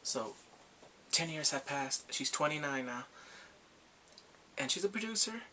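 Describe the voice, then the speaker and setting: A man casually recapping a drama's plot, animated and emotional, acting out the characters' lines. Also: on the high side, measured pace, a little hiss or hum. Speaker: drama reviewer.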